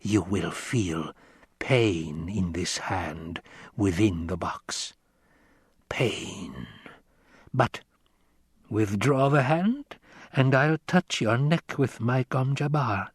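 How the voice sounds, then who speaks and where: A man voicing a menacing old woman who speaks slowly and commandingly, recorded dry and close. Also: medium pitch, animated, no room sound, voice pushed up. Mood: stern, menacing. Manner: slow, stern, commanding. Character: menacing old female witch-like crone.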